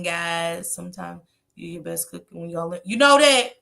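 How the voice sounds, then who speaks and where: A woman hosting a casual livestream, chatting loosely with her viewers and reading their comments out loud. She talks in a slangy, salty way, swears freely and laughs often. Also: on the low side, animated, normal speed, creaky. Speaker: livestream host.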